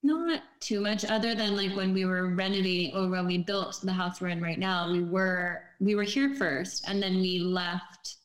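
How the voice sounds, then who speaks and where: A woman who is a guest on a podcast, chatting in a relaxed, rambling way with many filler words. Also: lowish voice, moderate pace, hardly any pauses, rough recording. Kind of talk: casual chat.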